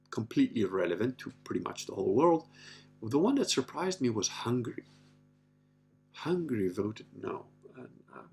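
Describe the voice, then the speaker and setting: A man's voice: medium pitch, vocal fry, husky. A man hosting a casual livestream, reading out viewer comments and rambling on in a profane, offhand way with lots of filler words. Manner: rambling, profane, full of "you know" and "like".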